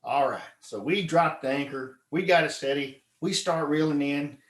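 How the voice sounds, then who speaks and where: A man telling a fishing story as a club speech, animated, acting out his friends' voices with loud high yells. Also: normal speed, reverberant. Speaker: club speaker. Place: meeting room.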